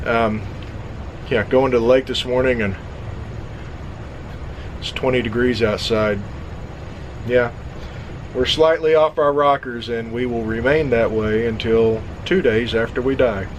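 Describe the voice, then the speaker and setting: A man talking casually on an RV vlog, relaxed and self-deprecating as he re-records a segment. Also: medium pitch, measured pace, pauses often, poor audio. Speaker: RV vlogger. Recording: faint ambient noise.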